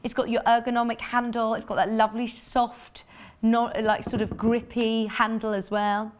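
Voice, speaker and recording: A woman presenting a live home shopping show, chatty and enthusiastic, chatting with off-camera crew between sales pitches. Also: level tone, normal speed. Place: TV studio.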